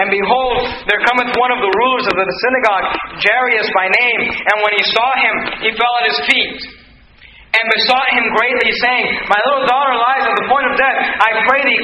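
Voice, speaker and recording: A man preaching a sermon, reading scripture aloud and then explaining it with animated asides. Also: high-pitched, echoey room, noisy background.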